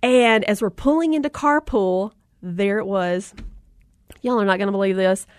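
A woman in her thirties with a Southern accent, telling a lively family story and turning it into faith encouragement for listeners. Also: medium pitch, moderate pace, no echo. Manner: animated storyteller, acts out voices, talks to audience directly. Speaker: mom and motivational speaker.

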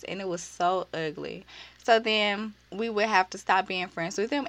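A sassy young woman chats through a story, swearing and slipping into high-pitched quoted voices. Her voice sits at an ordinary middle pitch. The sound is dry and close, with almost no room echo. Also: a bit bright. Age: young adult. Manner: uses slang and profanity freely. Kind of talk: casual storytelling vlog.

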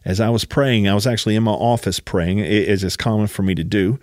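A man's voice: fairly low pitch, steady tone, a little fast, darkish tone, no room sound, clean studio sound. A man preaching a sermon as a personal story, emphatic and often urging his listeners to listen.

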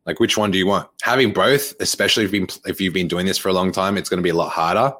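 A young man coaching fitness on a live-streamed podcast, with a lowish voice. He talks bluntly and swears, repeating his points and filling gaps with "like" and "okay". His delivery is casual and direct. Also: fairly even intonation, very fast, fairly bright tone. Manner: blunt, repetitive, swears, many fillers.

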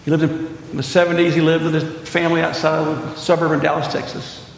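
A man's voice: level tone, fast, creaky, a little hiss or hum. Preacher man in echoing church hall. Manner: dramatic storyteller, drops quiet for tense moments, lifts to fervent high pitch. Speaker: pastor. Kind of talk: sermon with storytelling and closing prayer.

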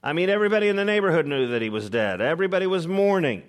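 A man's voice: fairly high pitch, very animated, rapid-fire. Male pastor, casual sermon delivery, humorous, lots of ums and restarts. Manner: informal, joking asides, frequent fillers and restarts. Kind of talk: conversational sermon.

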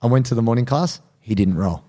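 A man co-hosting a podcast, telling a story in casual chat and acting out quotes in a higher voice. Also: quick pace. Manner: animated, acts out quotes in high voices. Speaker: podcast co-host.

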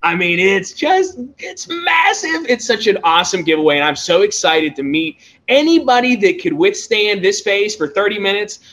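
Excitable high-voiced man telling stories. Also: normal speed, few pauses. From Pennsylvania, USA. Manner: excitable, animated storytelling with laughs. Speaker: toy-hunting show host. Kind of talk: casual chat.

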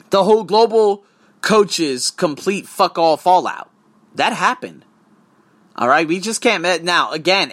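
Man, English test coach, casual vlog monologue, profane, emphatic, animated, fairly high voice.

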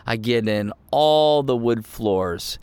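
A man's voice: medium pitch, animated, slow pace, darkish tone, smooth, no echo. A male pastor giving a casual, conversational sermon, self-deprecating and full of fillers and restarts.

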